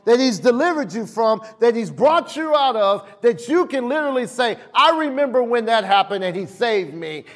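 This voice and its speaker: A man preaching a sermon, telling a story with acted-out dialogue and sudden drops into soft, low tones. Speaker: pastor.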